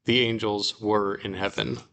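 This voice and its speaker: A man teaching a relaxed Bible Greek class, reading example sentences aloud and explaining them slowly with casual fillers. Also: lowish voice, a little hiss or hum.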